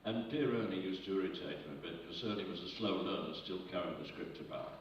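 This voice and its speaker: A man's voice: low voice, fast talker, slight background noise. An older man telling chatty, self-mocking anecdotes on a stage, chuckling between stories. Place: arts centre stage before an audience. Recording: echoey, distant, dull hall recording.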